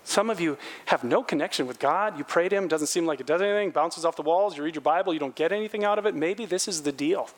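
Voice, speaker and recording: A fast talker with few pauses, the middle-aged pastor preaches in an animated way. He acts out quotes with a raised voice and falls low and quiet for earnest points.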